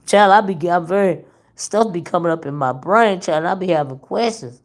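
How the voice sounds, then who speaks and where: A woman hosting a casual gossip livestream, chatting to her viewers, laughing often and drawing out her exclamations, her voice still worn from being sick. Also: fairly low pitch. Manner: animated, laughing, drawn-out exclamations. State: voice worn from illness. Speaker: livestream host reading chat.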